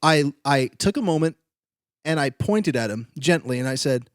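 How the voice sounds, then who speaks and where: A man's voice: on the high side, expressive, normal speed, dry recording, clean studio sound. A young man co-hosting a podcast, telling a story in casual chat and breaking into a playful ad read. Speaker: podcast co-host.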